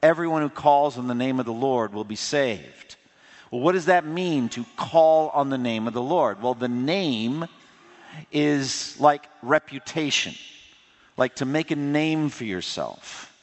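A man preaching a sermon with passion, surging louder on key points and dropping low and quiet for personal appeals. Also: expressive, unhurried. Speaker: pastor. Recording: long hall reverb.

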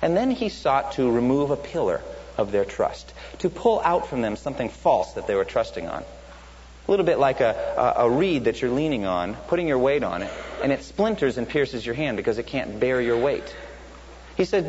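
A man's voice: mid-range voice, big pitch swings, moderate pace, a little mellow. A man preaching a sermon in an emphatic way, often asking rhetorical questions. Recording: dull echoey hall with faint hum.

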